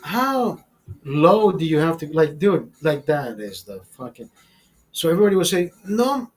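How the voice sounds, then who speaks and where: A man's voice: on the high side, animated, normal speed. A young man, the host, telling a long casual story in a rambling, heavily profane way. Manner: profane, rambling, mimics voices.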